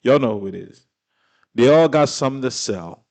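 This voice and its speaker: A man's voice: medium pitch, expressive, moderate pace, gravelly, a little mellow, no echo. Blunt, exasperated man reacting on a dry mic. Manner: blunt, exasperated, profane, slangy. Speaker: commentator reacting to a clip. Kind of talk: casual reaction commentary.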